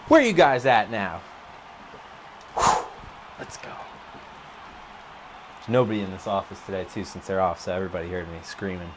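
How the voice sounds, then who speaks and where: A man commentating live on his own video game play from an empty office, excitable, his voice jumping high when he gets worked up. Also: slight background noise.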